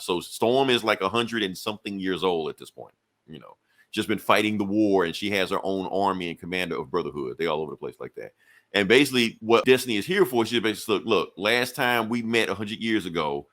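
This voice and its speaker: A man casually reviewing a comic book, animated and acting out scenes with quick voices. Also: fairly low pitch.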